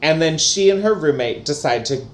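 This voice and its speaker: Man, lively swooping voice, a bit high, casual book chat, roomy echo. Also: normal speed. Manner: animated, jokey. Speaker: podcast co-host.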